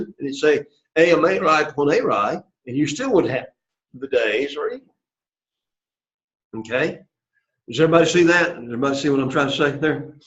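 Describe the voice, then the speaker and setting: A man teaching a classroom lesson, who praises students often and keeps checking that they follow. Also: on the high side. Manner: encouraging, repeats praise. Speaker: Greek teacher. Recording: echoey room, dull lo-fi sound.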